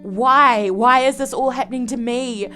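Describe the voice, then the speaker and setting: Woman doing a grieving defiant young woman, life-sim game story, fairly high voice, faint guitar music. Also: a little slow, pushed and bright. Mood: distraught.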